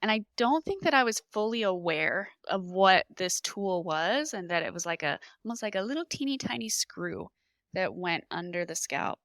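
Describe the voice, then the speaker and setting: A woman's voice: medium pitch, normal speed, dry recording. A young woman guest on a podcast, animatedly retelling a personal experience and acting out what people said. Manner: animated, emotional retelling with lively reenacted quotes. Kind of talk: personal storytelling in a podcast interview.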